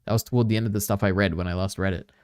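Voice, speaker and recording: A man's voice: on the low side, fairly even intonation, rapid-fire, darkish tone, clear, resonant tone, dry recording, studio quality. A man chatting casually on a live stream, reacting to clips and rambling with lots of filler words. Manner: rambling, many fillers, chatty asides to chat.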